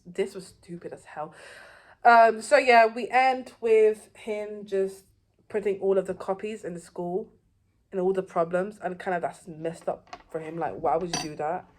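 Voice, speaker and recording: A woman's voice: mid-range voice, normal speed. A woman giving a casual, rambling recap of a TV season, with loose phrasing and frequent restarts. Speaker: TV show reviewer.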